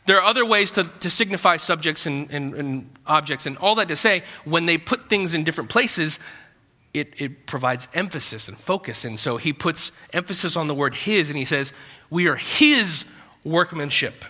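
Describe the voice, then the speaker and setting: A man's voice: on the high side, lively intonation, moderate pace, pushed and bright. Man, pastor, sermon, conversational asides, reverberant church hall. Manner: conversational preaching with asides and repetitions.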